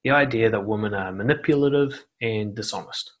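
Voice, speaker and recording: A man's voice: fairly low pitch, a little fast. A man giving blunt, casual dating advice, swearing freely and acting out quoted voices, seated indoors. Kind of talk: casual advice monologue to camera. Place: seated indoors on a noisy chair.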